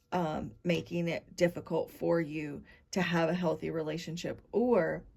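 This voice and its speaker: A woman's voice: low voice, creaky. A woman giving a tarot reading to camera, meandering as she talks straight to her viewers. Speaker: tarot reader.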